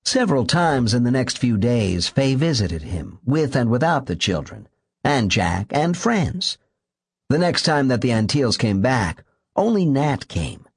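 Husky male audiobook narrator. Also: medium pitch, sing-song, unhurried, dry recording, clean studio sound. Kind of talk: scripted narration.

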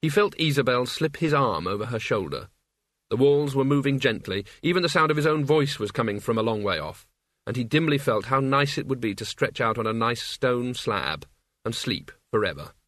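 A man narrating a story in an even, measured reading voice. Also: mid-range voice, dry recording, studio quality. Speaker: audiobook narrator. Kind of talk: scripted narration.

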